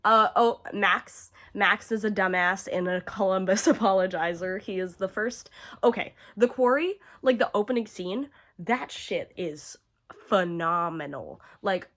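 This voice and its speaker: A woman's voice: mid-range voice, measured pace, a bit bright. Chatty, profane young woman gushing. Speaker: horror video creator. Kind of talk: casual ranking commentary to camera.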